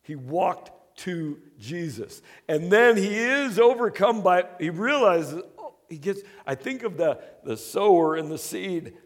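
A man preaching with a fairly high voice, telling the story earnestly. He drops to near-hushed tones and then rises to loud, eager bursts. A long reverb trails his words as if he is in a large hall. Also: big pitch swings, unhurried. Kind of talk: sermon.

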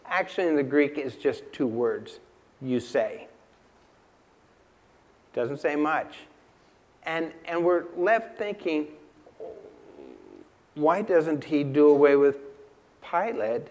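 A man preaching a sermon in a church, emphatic and unhurried, asking the congregation rhetorical questions and repeating key lines. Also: on the high side, animated, a little mellow. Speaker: pastor.

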